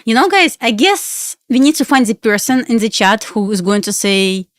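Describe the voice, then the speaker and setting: A woman's voice: on the high side, expressive, moderate pace, no echo, studio quality. A young woman with a Russian accent chatting on a live trading stream, pleading with the chart and laughing often. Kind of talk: casual live-stream chat.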